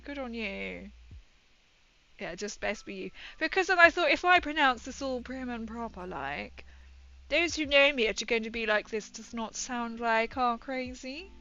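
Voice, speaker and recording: A young woman on her livestream chats casually at a moderate pace, her fairly high voice animated, gravelly, and sharp in tone. She giggles often and drops consonants, heard through muffled stream audio with faint music behind.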